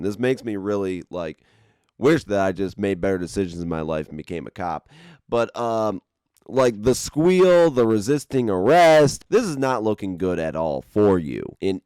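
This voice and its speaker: A man's voice: on the low side, darkish tone, clean tone, no room sound. A man giving casual reaction commentary on a video, talking animatedly with frequent swearing, laughs and stammered restarts.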